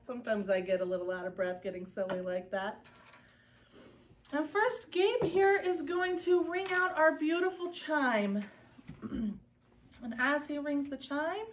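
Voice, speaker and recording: A woman's voice: sits high, unhurried, pauses often. A woman teaching a children's Sunday school class, leading chants and group breathing with upbeat energy.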